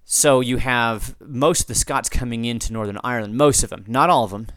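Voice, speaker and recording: A man's voice: medium pitch, a little fast, fairly bright tone, no room sound. Man, podcast host, off-the-cuff rambling talk, resonant tone, dry sound. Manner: rambling, off-the-cuff, frequent restarts and asides. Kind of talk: unscripted podcast talk answering listener feedback.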